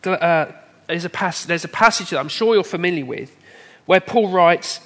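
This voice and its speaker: A man preaching a sermon to a congregation, in a measured, emphatic way that builds his points through lists. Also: high-pitched, a bit bright. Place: church hall. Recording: long hall reverb.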